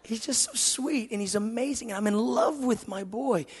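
A man in his thirties preaching a sermon, moving between loud passionate declarations and soft, tender storytelling. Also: extremely high pitch, normal speed, breathy edge. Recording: long hall reverb.

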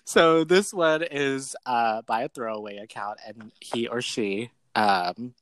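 A man co-hosting a casual chat, reading posts aloud, animated and laughing often. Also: medium pitch, slow, no room sound. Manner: animated, laughs often, says "girl" and "you know what". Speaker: podcast co-host reading posts.

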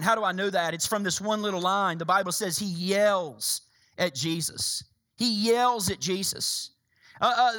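Bright-voiced emphatic male pastor preaching. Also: high-pitched. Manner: emphatic preaching with repeated phrases and direct address to the church. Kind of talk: sermon. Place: church sanctuary.

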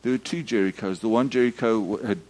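A middle-aged Methodist minister, giving a storytelling sermon full of restarts and acted-out shouts. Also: male voice, on the low side, fast talker. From South Africa.

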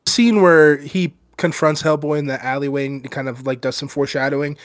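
A young adult man co-hosting a podcast, talking in a relaxed, conversational way. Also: fairly high pitch, brisk, dry recording, clean studio sound. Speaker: podcast co-host. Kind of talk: casual chat.

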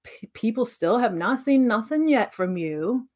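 A woman's voice: a little high, a little slow. A woman in her late thirties co-hosting a podcast, telling stories in casual chat and acting out the voices she quotes. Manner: animated storyteller, acts out quoted voices. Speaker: podcast co-host.

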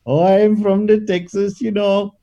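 A man's voice: sits high, level tone, moderate pace, mellow, lo-fi sound, voice pushed up. A man voicing an insistent male phone scammer with an Indian accent. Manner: insistent, repetitive.

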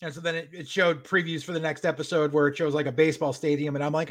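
A man's voice: fairly high pitch, quick pace. A man co-hosting a podcast, recapping a show in casual chat, swearing a lot and acting out what characters said. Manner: animated, swears constantly, acts out quotes. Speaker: podcast co-host.

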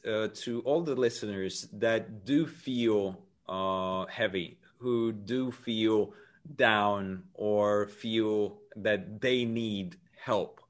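A man's voice: on the low side, a bit bright. A man hosting a podcast, asking questions hesitantly and searching for words with many fillers. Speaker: podcast host. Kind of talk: interview questions.

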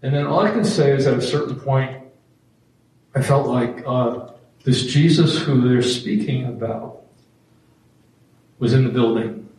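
A man's voice: medium pitch, measured pace, long pauses, a little mellow, slight background noise. A man giving a personal faith testimony in a conversational, self-deprecating way, with many fillers. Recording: very echoey room, distant mic, faint ambience.

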